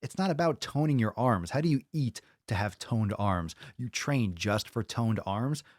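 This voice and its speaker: A male podcast host chats casually on his fitness show, ranting bluntly and swearing often. His medium-pitched voice has lively intonation at a normal speed, recorded at studio quality with no room sound.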